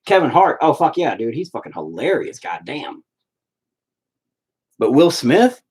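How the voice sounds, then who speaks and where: A man's voice: mid-range voice, very animated, unhurried, darkish tone, slightly rough. A man hosts a casual live stream and talks straight to his viewers. He rambles from one thought to the next and swears freely. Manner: profane, rambling.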